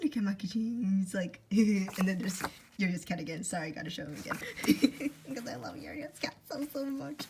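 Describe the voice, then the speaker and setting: A woman chatting casually at home while unboxing gifts. She gushes excitedly, repeats "oh my gosh" and sometimes keeps her voice hushed. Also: mid-range voice, normal speed, noisy background. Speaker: YouTuber. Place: at home indoors.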